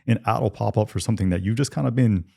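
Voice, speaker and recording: Deep mellow guy on a podcast, emphatic, keeps asking questions back. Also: quick pace, gravelly. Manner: emphatic, rhetorical questions, repeats words. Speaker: podcast co-host. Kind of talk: casual conversational podcast.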